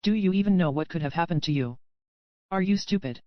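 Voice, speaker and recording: A possessive young bully with a hot temper, shouting harshly one moment and murmuring softly the next, as a man reads him. The voice sits a little high and smooth. It comes from a dry, slightly dull audiobook recording. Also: fairly quick, no echo, natural voice. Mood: furious.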